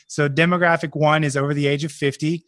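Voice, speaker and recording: A man's voice: a little high, level tone, quick pace, a bit bright, no echo, clean studio sound. A man, a real estate investor and guest on a podcast, explaining his business in confident, structured points. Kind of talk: podcast interview.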